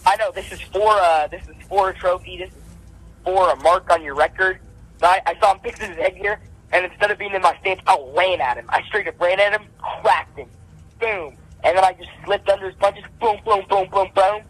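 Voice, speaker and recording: A man's voice: brisk, husky, rough recording. A young man, an amateur boxer, telling his story in casual podcast chat, acting out his punches with repeated sound effects. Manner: animated, acts out punches with repeated "boom".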